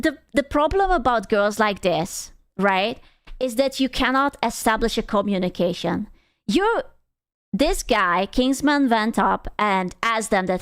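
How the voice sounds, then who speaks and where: A young woman streaming, giving blunt, sarcastic and profane reaction commentary on a clip. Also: high voice.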